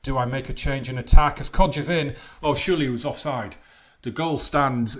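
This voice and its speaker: A young man hosting a let's play, commentating a football management game with mumbled asides and sudden loud outbursts. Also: medium pitch, brisk. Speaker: gaming channel host.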